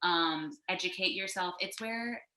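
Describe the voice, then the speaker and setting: Woman co-host, talkative and animated, bright tone, roomy home sound. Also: on the low side, measured pace. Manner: animated, talkative, frequent "like" fillers. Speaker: co-founder and co-host of a design panel. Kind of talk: casual panel chat. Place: home, sitting on a couch.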